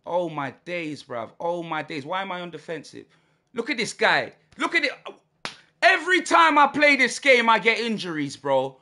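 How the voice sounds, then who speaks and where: A young man, commentating on his own football video game with excitable shouts and lots of slang. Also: high-pitched, normal speed. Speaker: gaming streamer.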